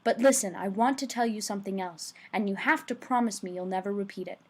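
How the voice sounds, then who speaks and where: A woman's voice: mid-range voice, quick pace, darkish tone, lightly acted. A woman reading as an earnest male teacher. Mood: earnest, urgent. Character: earnest middle-aged male teacher, urgent. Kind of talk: reading a novel aloud.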